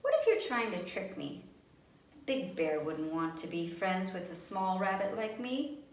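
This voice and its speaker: Woman reading a suspicious small rabbit, questioning tone, slow, roomy sound. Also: medium pitch, sing-song. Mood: wary. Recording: roomy, distant, faint background noise.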